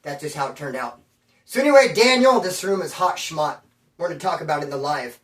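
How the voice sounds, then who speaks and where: A man's voice: a little high, lively intonation, fairly quick, a bit bright. Slangy rambling man in echoey room. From Bakersfield area. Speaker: storyteller on his own channel. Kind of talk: casual storytelling. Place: room at home. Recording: roomy, mic at a distance.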